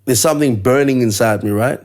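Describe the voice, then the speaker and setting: A man's voice: medium pitch, quick pace, a little mellow. A man from South Africa with a mid-range voice chats as a guest musician. He talks in casual slang and agrees eagerly, affirming what the host says. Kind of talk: casual conversation.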